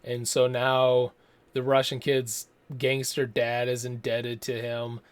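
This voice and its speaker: A man talking through a movie review in a relaxed, rambling way. He swears casually and keeps mimicking the people he describes. His voice sits in an ordinary middle register. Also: mid-range voice, slow pace, a little hiss or hum. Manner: rambling, profane, slips into mocking impressions.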